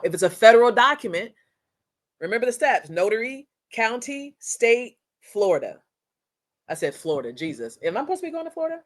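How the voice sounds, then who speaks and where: A woman hosting a casual live-streamed training, talking straight to viewers in a chatty, energetic, slangy way through a computer mic. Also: on the low side. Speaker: course instructor and livestream host.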